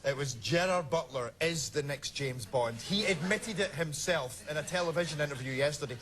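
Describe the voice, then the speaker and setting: A man's voice: fairly high pitch, normal speed. A man, a talk show guest, animatedly telling comic anecdotes, laughing often and stumbling over repeated words. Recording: loud background noise.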